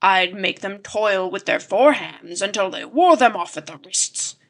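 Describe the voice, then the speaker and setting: A woman's voice: mid-range voice, expressive, normal speed. A scornful, vengeful former tycoon blusters in a storybook adventure, as a woman narrator puts him on. His voice is derisive and hot-tempered, in a plain middle register. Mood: angry. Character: angry ex-millionaire man, scornful and vengeful.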